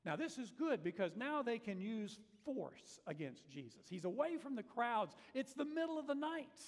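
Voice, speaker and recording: A man's voice: very high voice, sing-song, moderate pace. A male pastor preaching a sermon in a church, telling the story vividly and acting out quoted lines with dramatic emphasis. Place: church sanctuary. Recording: long church reverb.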